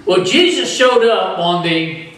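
A man preaching a sermon as pastor, with animated delivery that acts out the voices of the people in his story. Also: sits high, slow. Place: church sanctuary. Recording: echoey church from far off.

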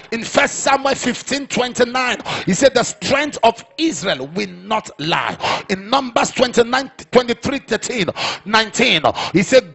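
This is a Nigerian man preaching with fire, his voice sitting very high and leaping around. He drops to near murmurs, then shouts his lines out. Soft music plays in the background. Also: vocal fry, slightly rough. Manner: impassioned, swings from low murmurs to shouting. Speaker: apostle preaching. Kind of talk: sermon.

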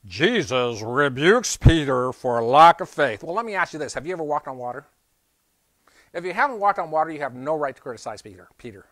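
A man preaching a sermon as a pastor, animated and emphatic, moving between loud stresses and quiet asides as he tells a story and asks questions. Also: medium pitch, no room sound.

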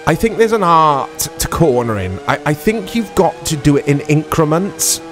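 A man's voice: a little high, sing-song, moderate pace. A man giving casual, rambling commentary while playing an old racing game. He is self-deprecating and full of tag questions. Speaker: retro game reviewer. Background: background music.

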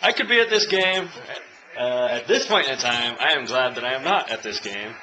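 A young man filming himself at home as he watches a football game, chatting and cheering loudly. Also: mid-range voice, animated, moderate pace. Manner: swings from quiet chat to loud cheering shouts. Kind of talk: casual vlog, reacting to live football. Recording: noisy home video recording.

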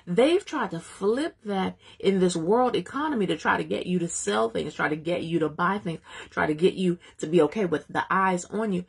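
A woman's voice: lowish voice, a little fast, creaky, hardly any pauses, slightly rough. A woman teaching a live-streamed Bible study, exhorting her viewers, calling out to them by name, speaking.

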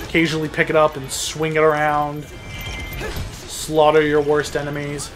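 A gameplay commentator talking casually over a video game, excitable and sarcastic, often breaking into laughter. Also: mid-range voice, normal speed, music in the background. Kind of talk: casual let's-play commentary.

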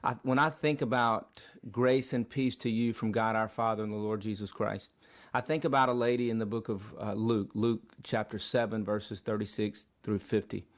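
A man's voice: fairly low pitch, steady tone, normal speed. A man giving a daily devotional Bible teaching in a vlog, speaking earnestly with repeated phrases and occasional restarts. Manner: earnest, repetitive preaching cadence with restarts. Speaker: vlogger preacher.

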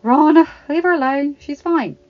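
Woman reading a firm, steady teen boy. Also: fairly high pitch, normal speed, faint music behind, natural voice. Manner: firm, reassuring. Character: calm, steady teenage boy wizard. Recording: slightly dull home recording.

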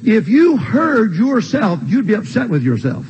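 An older man preaching a sermon in a church, emphatic and repetitive, with shouted refrains. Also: high-pitched, very animated, a little slow, muffled recording, slight background noise. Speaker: pastor. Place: church sanctuary.

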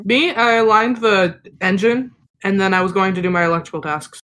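A woman's voice: mid-range voice, fairly even intonation, brisk, fairly bright tone. A young woman chatting during an online game, carefree and offhand, often laughing. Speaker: gaming channel host. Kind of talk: casual gameplay chat.

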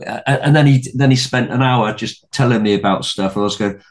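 A man's voice: mid-range voice, brisk, hardly any pauses. A middle-aged man, a podcast guest, telling a story in casual conversation, rambling with many restarts and repeated words and swearing freely.

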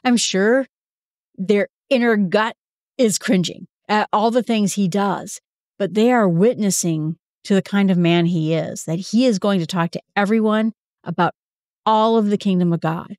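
A woman's voice: medium pitch, measured pace, darkish tone, no room sound. Woman Bible teacher, casual and conversational, dry recording. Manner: conversational, quotes figures in everyday speech.

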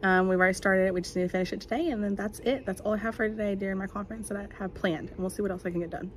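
A woman's voice: mid-range voice, fairly even intonation, rapid-fire, slight background noise. Chatty teacher woman, vlog. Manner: chatty, rambling, with fillers. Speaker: elementary school teacher. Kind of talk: casual vlog narration. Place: classroom.

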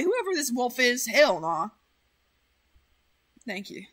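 A woman streamer chatting casually, excitable and full of swearing as she rambles. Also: on the high side, slow. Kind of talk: casual livestream chat.

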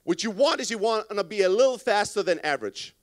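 A man giving an energetic, profane talk on a conference stage into a microphone, acting out reactions to phone calls. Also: high voice, fast talker. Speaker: conference speaker.

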